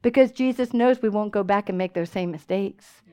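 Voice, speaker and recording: A woman preaching a sermon in a church, telling stories with lively call-and-response asides. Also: medium pitch, moderate pace, clear, resonant tone.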